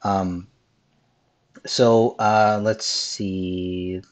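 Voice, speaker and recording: A slightly hoarse man hosting a podcast, his voice sitting on the low side. He talks in a methodical, hesitant way, pausing often with ums as he works through his points. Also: level tone. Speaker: podcast host. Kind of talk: casual podcast discussion.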